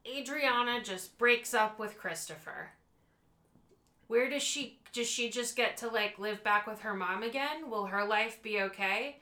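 A woman's voice: on the high side, a little slow, bright, forceful tone, reverberant. A woman co-hosting a podcast, making an earnest case with rhetorical questions. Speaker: podcast co-host. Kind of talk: casual chat.

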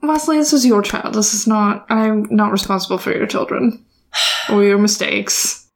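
A woman's voice: medium pitch, steady tone, moderate pace, vocal fry, slight background noise. A woman playing a tabletop game, with wry, exasperated remarks. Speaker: player. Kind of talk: casual tabletop role-play.

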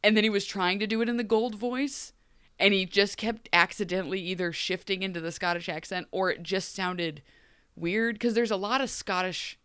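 A Midwestern American woman with a slightly raspy voice, co-hosting a casual podcast chat and recapping a TV episode with animated, sarcastic asides. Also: medium pitch, normal speed, no echo, clean studio sound. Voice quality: raspy right now. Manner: animated, sarcastic, acts out quotes. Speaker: podcast co-host.

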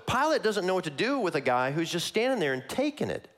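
A man preaching a sermon, walking through a Bible passage verse by verse in a conversational, animated way that acts out the characters. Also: sits high, fast.

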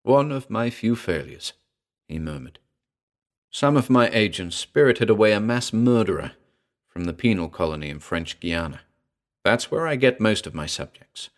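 A man voicing an eccentric male mad scientist who chatters fussily and breaks into shrill shouts. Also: close to an everyday voice.

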